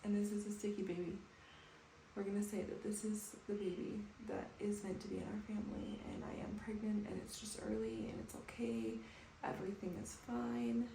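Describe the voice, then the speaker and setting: A woman in her thirties talking softly and calmly to camera in a personal home vlog. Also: mid-range voice, a little fast, gravelly. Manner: soft, calm, reflective. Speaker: vlogger. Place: bathroom at home, indoors. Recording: echoey room with faint background noise.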